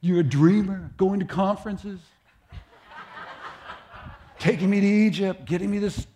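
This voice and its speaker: A man's voice: high voice, a little slow, warm tone, a little hiss or hum, voice pushed up. A man preacher voicing a sarcastic aging wife who scolds her dreamer husband. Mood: mocking.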